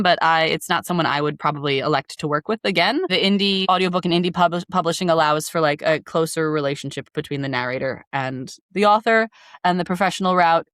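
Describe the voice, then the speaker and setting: A woman with a fairly low voice chats about her narration work, leaning on "like" as she goes. The sound is close and dry, with no room around it. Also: fairly quick, a bit bright, dry recording. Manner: chatty, many "like" fillers, demonstrates voices in passing. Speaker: audiobook narrator guest. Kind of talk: casual interview chat.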